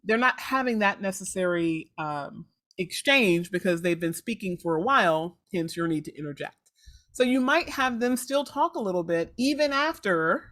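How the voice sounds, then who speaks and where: A woman's voice: medium pitch, fairly bright tone. A woman hosting a podcast, coaching listeners on intake calls and acting out sample phone lines. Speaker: podcast host and law firm trainer. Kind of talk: instructional podcast talk.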